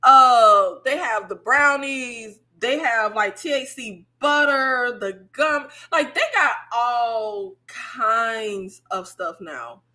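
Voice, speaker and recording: A woman hosting a casual chat with her viewers, telling stories in an animated way, laughing and swearing freely. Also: on the high side, slow, hardly any pauses. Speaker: YouTube host.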